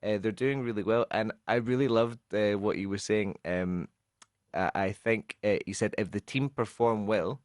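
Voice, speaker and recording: A man's voice: fairly low pitch, steady tone, moderate pace, darkish tone, no room sound, clean studio sound. A man with a Scottish accent, co-hosting a radio show and patiently explaining English expressions with examples, slipping into Spanish now and then. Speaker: radio co-host teaching English.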